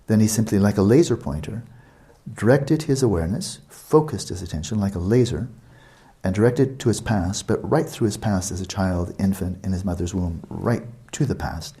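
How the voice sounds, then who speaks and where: Low mellow-voiced man teaching meditation. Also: normal speed. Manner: expansive, explanatory, repeats words for emphasis; conversational asides to listeners. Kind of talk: retreat dharma talk.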